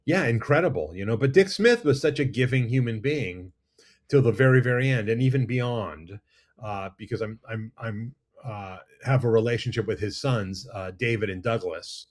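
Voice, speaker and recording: A middle-aged man, a makeup effects artist, telling animated, rambling stories as a guest in a casual interview. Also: mid-range voice, normal speed. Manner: animated, rambling anecdotes with restarts. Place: studio or lounge.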